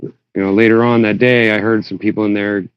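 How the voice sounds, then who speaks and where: A man chatting casually on a voice call, rambling through a story and getting animated when he quotes himself. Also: lowish voice, fairly quick, clean tone, dry recording. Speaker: Discord server member. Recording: dull lo-fi voice chat audio.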